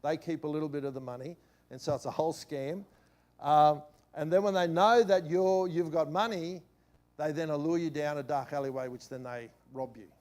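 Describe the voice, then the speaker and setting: Man, middle-aged, pastor, sermon story, higher-pitched voice, animated, loud and quiet by turns. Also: normal speed. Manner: animated anecdote-telling with swings in loudness.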